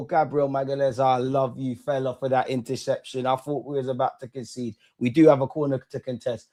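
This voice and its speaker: A young man hosts a live football watch-along. His voice sits a touch high, and he swings between worked-up shouting at the referee and pleading with his team to calm down. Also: quick pace, hardly any pauses. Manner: excitable, swears at the referee, urges calm. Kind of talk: live match reaction commentary.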